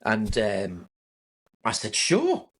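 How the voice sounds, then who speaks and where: A male interview guest telling an animated personal story, vivid and sweary, laughing at himself. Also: medium pitch, normal speed. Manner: vivid, swearing, self-deprecating.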